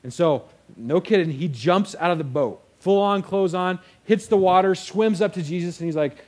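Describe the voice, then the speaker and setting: A man's voice: high-pitched, normal speed, hardly any pauses. A young man preaching a sermon in a casual storytelling way, acting out the quotes. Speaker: pastor.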